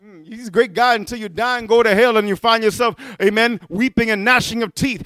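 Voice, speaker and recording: A man preaching a fiery sermon in a very high, bright voice. His tone is smooth and clear, and he keeps calling out amen and hallelujah, rising to shouts at his peaks. The sound is dry and close. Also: fairly even intonation, brisk, few pauses, no echo. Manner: mocks quoted figures in singsong voices.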